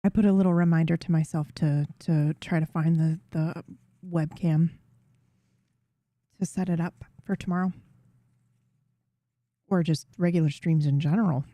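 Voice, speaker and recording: A woman's voice: sits low, fairly even intonation, moderate pace, long pauses, mellow, no echo. A woman streamer chatting casually from a room at home, greeting viewers and rambling along with small restarts. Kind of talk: casual livestream chat to viewers. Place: home room with a cat tree.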